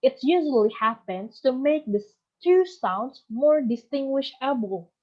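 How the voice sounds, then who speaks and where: A woman's voice: sits high, animated, a little slow. A woman teaching a lesson, explaining each point steadily, step by step. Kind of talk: recorded lecture on phonology. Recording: muffled lo-fi recording.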